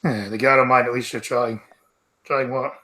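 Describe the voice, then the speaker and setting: A Scottish man with a bright, forward voice, chatting casually on a group stream. He reads news out loud and answers his friends with wry, dry humour. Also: medium pitch, fairly even intonation, moderate pace. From Scotland. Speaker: streamer host.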